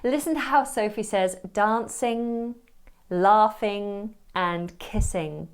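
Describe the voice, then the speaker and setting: Woman, tutorial narration, slow deliberate pace, explanatory. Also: medium pitch, smooth. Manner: measured, explanatory. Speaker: accent tutorial teacher.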